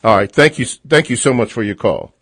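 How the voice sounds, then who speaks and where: A man hosting a call-in radio show, reading out listener emails slowly with many fillers. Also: medium pitch, animated, fairly bright tone, no echo. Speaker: radio host.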